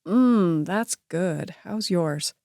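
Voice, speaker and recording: A woman's voice: lowish voice, animated, drawn-out words, dark tone, dry recording, clean studio sound, full character voice. A woman reading the part of a playful, charming young man who jokes drolly and teases lightly. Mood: teasing.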